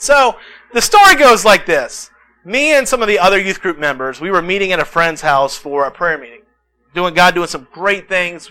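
A man delivering a sermon from the pulpit, his voice high and ringing. He tells lively personal stories, animated and acting out the voices of the people in them. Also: poor audio. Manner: animated storytelling, acts out quotes. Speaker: pastor.

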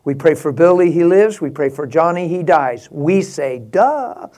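A man preaching a sermon, rising to passionate, laughing exclamations and dropping to a hushed prayerful tone. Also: a little high, normal speed. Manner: drops to a hushed prayerful tone near the end.

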